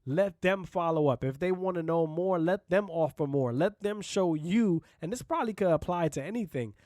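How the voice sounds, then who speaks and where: A man's voice: high-pitched, animated, moderate pace, darkish tone, no echo, clean studio sound. A man hosting a solo podcast, talking bluntly and casually, with profanity and frequent "you know what I mean" asides. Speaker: podcast host.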